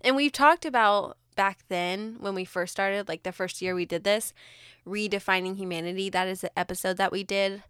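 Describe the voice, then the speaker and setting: Young female podcast co-host, middle pitch, dry close sound, giggly and rambling. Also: normal speed, a bit bright, smooth, no echo. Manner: giggly, trails off into filler words. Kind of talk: casual chat.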